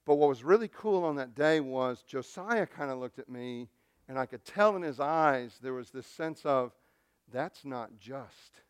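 Man, middle-aged pastor, sermon, earnest storytelling, smooth resonant voice, dry close sound. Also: medium pitch, normal speed, no room sound. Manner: earnest, storytelling, frequent restarts.

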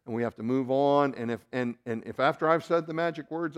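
A man preaching a sermon as pastor, shifting between loud emphatic rises and quiet asides, with self-deprecating remarks and restarts. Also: medium pitch, brisk, few pauses, clear, resonant tone.

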